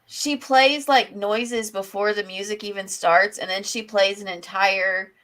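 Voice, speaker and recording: A woman in a casual live-stream chat, sarcastic and blunt, swearing freely. Her voice sits at an everyday middle pitch. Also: steady tone, a little slow, a bit bright.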